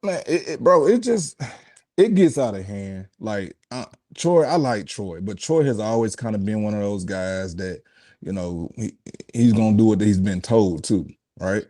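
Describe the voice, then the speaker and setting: A laid-back former football player with a fairly low voice, a guest on a sports talk show. He talks loosely in slang, easing into his points. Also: lively intonation, unhurried, mellow.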